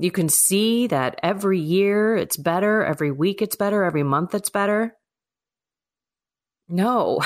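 Unhurried woman hosting a faith podcast, chatty and emphatic, recorded in an echoey kitchen. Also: on the low side, fairly bright tone. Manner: chatty, emphatic, self-deprecating. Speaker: podcast host. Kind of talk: devotional podcast monologue. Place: echoing home kitchen. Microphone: microphone with laptop. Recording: echoey kitchen with faint music.

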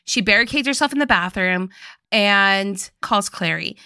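A woman's voice: medium pitch, expressive, measured pace, bright, forceful tone, smooth, dry recording, clean studio sound. A young woman co-hosting a podcast, retelling a movie in playful, jokey talk. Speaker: podcast co-host. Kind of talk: casual movie recap chat.

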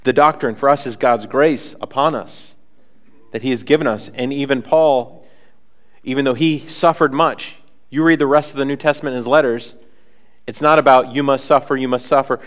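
A man preaching a sermon, animated, acting out the people in the scripture with frequent asides. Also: medium pitch, normal speed. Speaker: pastor.

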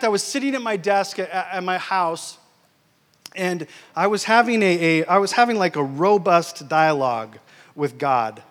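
A man giving a sermon as a guest preacher, telling a story in an animated way that swings between loud and hushed. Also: sits high. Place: church. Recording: church hall reverb.

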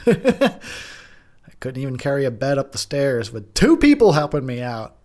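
A man's voice: mid-range voice, wildly swooping pitch, unhurried, a little mellow. A tipsy man giving crude, rambling drunken movie commentary, laughing often. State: drinking, tipsy.

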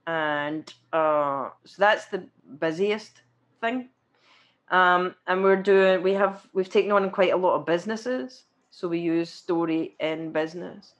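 A woman's voice: on the low side, measured pace. A woman with a Scottish accent, a guest in a casual interview chat, rambling and wry and laughing often.

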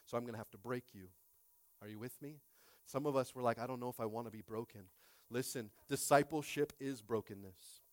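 A pastor in his late thirties preaching a sermon, emphatic, swinging from quiet to loud and repeating phrases. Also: mid-range voice, a little fast, dry recording.

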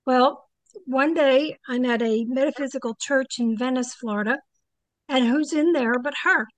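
A woman's voice: high-pitched, normal speed, no room sound. An older woman, a psychic guest, telling stories in a casual interview and animatedly acting out the people she quotes.

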